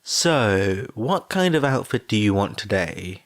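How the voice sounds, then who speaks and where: A man voicing a kindly adult scientist who cares for a child, patient and gently teasing, in a fan audiobook reading. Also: on the low side, very animated, takes it slowly, exaggerated voice.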